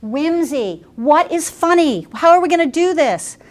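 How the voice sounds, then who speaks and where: A woman pastor telling stories in a workshop talk, animated and chatty with frequent restarts. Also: high-pitched, measured pace.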